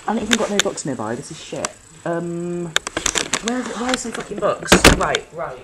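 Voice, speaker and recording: Young guy from yorkshire rambling and swearing thru a home vlog, voice sits a bit high. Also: expressive, a little fast, very noisy. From Yorkshire, England. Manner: rambling, sweary, self-deprecating. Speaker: vlogger. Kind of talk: casual solo vlog, answering a questionnaire.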